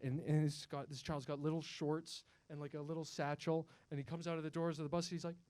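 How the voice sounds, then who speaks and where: A young man from Canada performs a stand-up set on a comedy club stage. He speaks into a handheld mic in a high, clean and resonant voice. He rambles, swears freely and often trips over his own sentence starts. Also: little pitch movement, fast talker, darkish tone, no echo. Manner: profane, rambling, frequent restarts.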